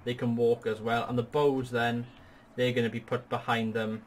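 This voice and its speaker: A man guides a partner through a strategy game battle, explaining each move in a patient, upbeat tone. His pitch sits in a middle range for a man. A faint hiss runs underneath his voice. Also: little pitch movement, moderate pace. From Wales. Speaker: gaming channel host. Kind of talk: strategy game tutorial commentary.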